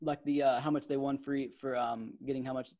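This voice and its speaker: A young man in his twenties co-hosting a podcast, chatting in a relaxed way with lots of fillers. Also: medium pitch, a little fast. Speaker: podcast co-host. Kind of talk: casual sports podcast chat.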